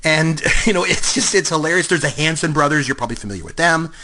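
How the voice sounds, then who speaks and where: A man's voice: fairly high pitch, quick pace. A Canadian man in his fifties co-hosting a podcast, chatting loosely about movies with lots of fillers and restarts. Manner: rambling, animated, lots of fillers. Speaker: podcast co-host. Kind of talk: casual movie chat.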